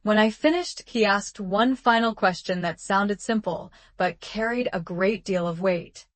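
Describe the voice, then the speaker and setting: A woman narrating a first-person drama story in a calm, measured, even way. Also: medium pitch, no room sound.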